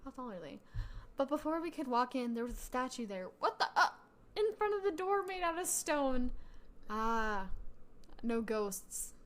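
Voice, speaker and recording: A woman with a high, very animated voice and a slightly bright sound co-hosts a casual podcast at a moderate pace. She reads a story aloud, laughing and reacting with mock outrage.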